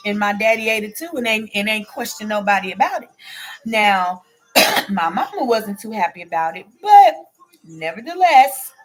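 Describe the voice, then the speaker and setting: A woman in her forties hosts a relaxed chat, telling stories straight to her viewers and reading their comments aloud as she goes. Her voice sits a little high. She keeps the talk loose, tossing in "okay?" and calling the audience "baby.". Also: breathy edge. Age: 40s. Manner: reads viewer comments aloud and answers them. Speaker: host. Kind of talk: casual storytelling chat to viewers.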